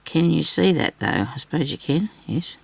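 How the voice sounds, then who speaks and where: A woman's voice: deep voice, expressive, normal speed, vocal fry, husky, no echo. A woman vlogging a crafting demonstration, rambling and chatty as she talks straight to her viewers.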